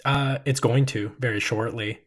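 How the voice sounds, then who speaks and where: A man narrating as game master of a tabletop game in a slow, measured storytelling manner. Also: medium pitch, steady tone.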